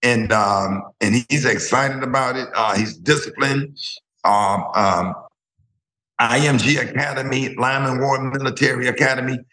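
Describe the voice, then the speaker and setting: A man's voice: medium pitch, fairly even intonation, a little slow, bright, forceful tone, reverberant, rough recording. A man speaking as a guest on a talk show, emotional and rambling, often repeating himself.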